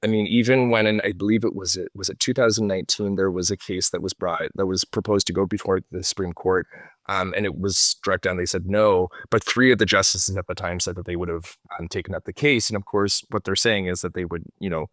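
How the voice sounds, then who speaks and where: A man's voice: deep voice, steady tone, a little fast, a bit bright, no room sound, studio quality. A man with a Canadian accent, a podcast guest explaining his views earnestly and often checking in with "right?". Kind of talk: casual interview talk.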